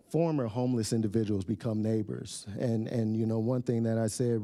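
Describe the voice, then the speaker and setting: A man giving a public comment at a city council meeting, hesitant and searching for words, with frequent fillers and restarts, his voice often dropping softly. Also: mid-range voice, no room sound.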